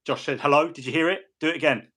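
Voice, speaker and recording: A man's voice: on the high side, very fast, fairly bright tone, husky. A man hosting a casual hobby livestream in a chatty, joking, rambling way. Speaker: host.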